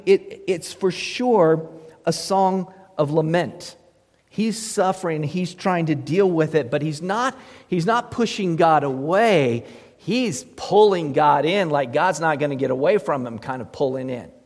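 A man's voice: a little high, animated, unhurried, darkish tone, big-room sound. A male pastor preaching a sermon in a conversational way, often putting rhetorical questions to his listeners.

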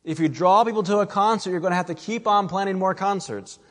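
A man's voice: high voice, fast, long reverb tail. A man preaching an expository sermon, earnest and emphatic, often addressing his listeners as friends.

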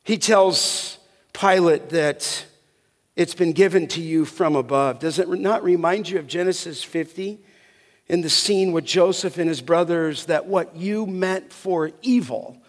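A man preaching a sermon as pastor, deliberate and emphatic, asking the congregation rhetorical questions. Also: on the high side, long reverb tail.

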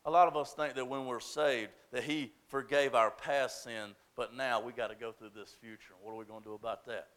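A man preaching a sermon, swinging between shouted emphasis and hushed, quiet passages. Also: mid-range voice, steady tone, fairly quick, few pauses. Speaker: pastor.

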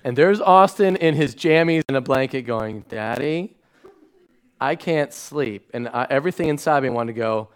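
A man, a pastor preaching a sermon to a congregation, acting out family stories with lively swings and falling soft and hushed when he turns reflective. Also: medium pitch, a little fast, few pauses. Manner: animated storytelling, acting out his own shouting at bedtime. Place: church stage before a congregation.

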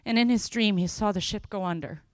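A woman preaching a sermon, telling Bible scenes with lively voices and slowing down on key phrases. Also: mid-range voice, no echo, studio quality. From Sweden. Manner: expressive, acts out scenes with sudden loud bursts.

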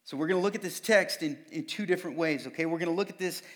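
A man preaches to his congregation in a relaxed, conversational way. His voice sits a little high for a man. He keeps slipping into the voices of the people in his story. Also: rapid-fire. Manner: casual, conversational preaching that acts out quoted voices. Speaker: pastor. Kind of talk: sermon.

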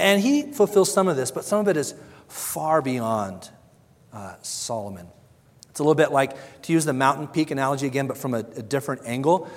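A man's voice: fairly high pitch, long reverb tail. A man preaching a sermon, earnest and conversational, who briefly acts out the voices of the people he quotes and often repeats his words. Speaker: pastor.

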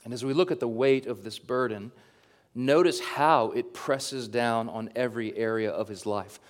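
A man preaching a sermon in an earnest voice. He reads the passage slowly, then explains it with rising emphasis and turns to speak straight to his listeners. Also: mid-range voice. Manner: speaks directly to the congregation. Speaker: pastor.

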